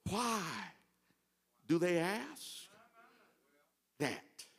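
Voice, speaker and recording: A male pastor preaching a sermon in a church, building from quiet talk to rhythmic, shouted refrains. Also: high voice, sing-song, very slow. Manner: rhythmic call-and-response preaching, rising to shouts. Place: church sanctuary.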